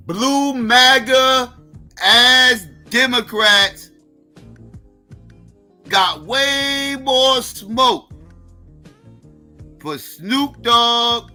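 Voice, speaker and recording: A man hosting a live stream, reacting in a heated, profane rant with repeated, drawn-out emphasis. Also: very high voice, pushed and bright.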